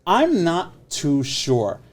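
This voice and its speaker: A man co-hosting a casual podcast, measured with a dry sense of humor. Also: a little high, wildly swooping pitch. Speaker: podcast co-host.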